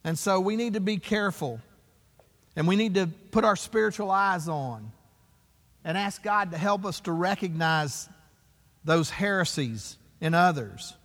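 Pastor guy preaching, super high voice for a man, big long echo like a church hall. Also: animated, unhurried, a bit bright. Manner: emphatic, rhetorical questions to the congregation. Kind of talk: sermon.

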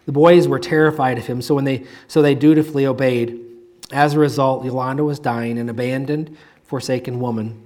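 Reading a moving story as part of his sermon, this pastor keeps a measured pace and slows to a hush whenever he reaches the key phrases. He speaks in a mid-range voice with fairly even intonation.

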